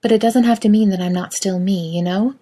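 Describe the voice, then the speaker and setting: A woman voicing a soft, hesitant younger woman. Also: medium pitch, steady tone, brisk, breathy edge, close to an everyday voice. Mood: earnest. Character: tentative, earnest younger woman, soft and eager.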